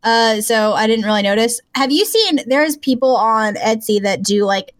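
A woman's voice: on the high side, expressive, moderate pace, dry recording. Chatty woman with a light Southern lilt. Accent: light Southern American. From American South. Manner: chatty, giggly, rambling with fillers. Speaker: podcast co-host. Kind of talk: casual chat.

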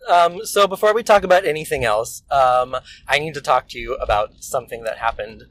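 A man's voice: mid-range voice, a little fast, a bit bright, low-quality recording. A young man co-hosting a podcast, teasing and enthusiastic, with lots of fillers. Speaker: podcast co-host. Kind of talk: casual chat.

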